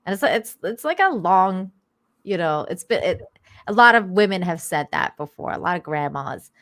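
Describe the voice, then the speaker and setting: A woman's voice: lowish voice, very animated, normal speed, a bit bright, no echo, studio quality. A woman from Canada, a guest on a talk stream, chatting casually and rambling with many restarts. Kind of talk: casual chat.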